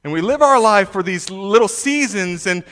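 A man preaching a sermon to a youth congregation, emphatic and animated, with frequent repetitions and restarts. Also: sits high, normal speed. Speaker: pastor. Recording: reverberant hall.

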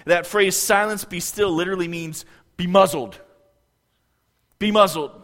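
A man preaching a sermon, animated, swinging between soft, quiet stretches and loud outbursts. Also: high-pitched, moderate pace. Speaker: pastor. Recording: long church-hall reverb.

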